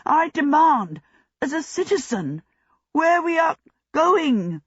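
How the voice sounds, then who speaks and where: A narrator voicing a bewildered young man who protests in a high, breathless voice. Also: sing-song, takes it slowly, a bit bright, dry recording, heavily acted. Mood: panicked protest. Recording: dull lo-fi audio.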